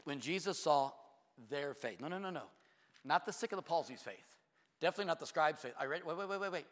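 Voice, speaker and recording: A middle-aged man preaching a sermon, firing rhetorical questions and asides, sometimes dropping to a hush. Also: on the high side. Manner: animated preaching with quick asides, rhetorical questions and hushed drops. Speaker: pastor. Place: church sanctuary. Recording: long reverb of a large hall.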